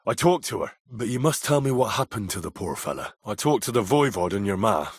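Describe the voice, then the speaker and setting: Hot-tempered young medieval blacksmith's son for a game; husky, dry studio read. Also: male voice, on the low side, very animated, brisk, dry recording. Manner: swears in anger, blunt and wry. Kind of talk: video game voice lines.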